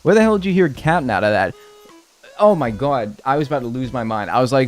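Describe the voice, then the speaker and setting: A man's voice: medium pitch, lively intonation, fast, soft background music. A man streaming gameplay live, chatting casually with his viewers, joking and swearing freely. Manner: talks to chat and thanks subscribers. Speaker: game streamer.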